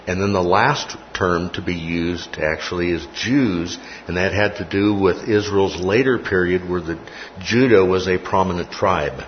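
A man with a low voice teaches a Bible class as a classroom lecture at a measured pace. He often repeats key phrases and checks in with "okay?" The recording is muffled with faint noise.

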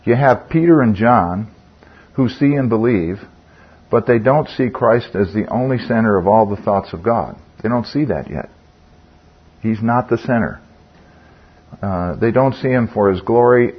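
This older man's voice is fairly low, husky, and animated, and he takes his time as he leads a Bible study conversationally. He asks the group questions, often using fillers and restarting sentences, and the lo-fi audio is dull.

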